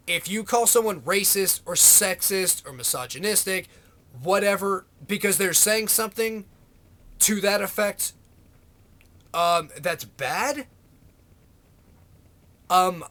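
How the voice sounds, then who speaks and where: A man's voice: high-pitched, slow pace, pauses often, pushed and bright. A man ranting to camera in a vlog, sarcastic, exasperated and swearing freely. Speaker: vlogger. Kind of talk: political rant to camera.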